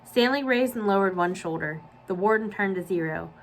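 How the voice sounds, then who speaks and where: A woman children's librarian reading a novel aloud for young listeners, with clear, steady storytelling. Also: mid-range voice, a little fast, a little hiss or hum, poor audio.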